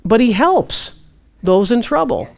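A woman's voice: measured pace, vocal fry. A woman giving casual Christian teaching, answering a question and acting out her own prayers. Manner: animated, quotes God in hushed low voice.

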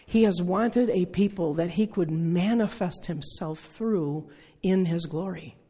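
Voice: mid-range voice, measured pace, mellow, husky. A preacher in their sixties giving an earnest, conversational sermon full of rhetorical questions. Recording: long reverb of a large hall.

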